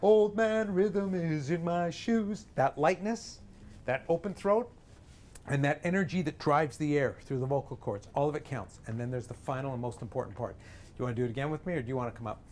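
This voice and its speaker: A man teaching a singing lesson in front of an audience, coaching with lively talk and breaking into sung examples. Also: mid-range voice, quick pace, faint music behind.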